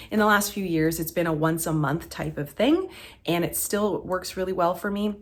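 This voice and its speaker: Emotional, chatty woman vlogger. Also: lowish voice. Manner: heartfelt, getting emotional, chatty with many fillers. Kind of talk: casual chat to camera.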